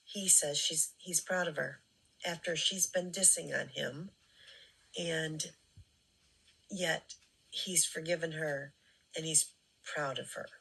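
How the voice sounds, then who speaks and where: A woman hosting a commentary channel, giving sarcastic, critical remarks between clips, with fillers and pauses. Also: low voice, steady tone, vocal fry, sharp tone, slightly rough, poor audio.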